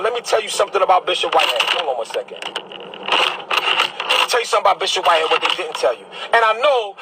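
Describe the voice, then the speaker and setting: A man's voice: high voice, background noise. A man from Brooklyn, a bishop delivering a heated, combative monologue to camera, repeating his phrases as he preaches. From Brooklyn, New York.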